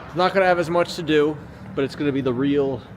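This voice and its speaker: A man's voice: on the high side, fast. A man hosting a casual walking livestream at night outdoors, rambling and chatting with viewers as he walks. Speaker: livestream host. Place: city streets at night, outdoors. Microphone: small handheld gimbal camera. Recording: street noise from passing traffic. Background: traffic and street ambience.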